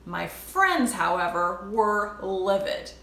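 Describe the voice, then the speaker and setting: A woman's voice: medium pitch, very animated, slow, a bit bright. A woman in her forties tells a personal story in a chatty vlog, talking directly to her viewers. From United States. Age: 40s. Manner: conversational, addresses viewers as "you guys". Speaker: vlogger. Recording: roomy echo with faint backing music.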